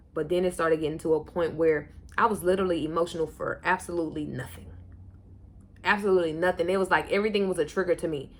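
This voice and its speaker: A young woman from Houston, telling a personal story in a candid, conversational vlog, talking straight to her viewers. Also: fairly low pitch. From Houston, Texas. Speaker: vlogger.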